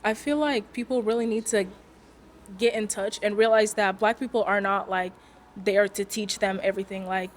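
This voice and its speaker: A woman's voice: medium pitch, a little hiss or hum. A teenage girl, a student speaking frankly and firmly, with plenty of "like" and "um". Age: teens. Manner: firm and frank, with fillers. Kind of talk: candid reflection.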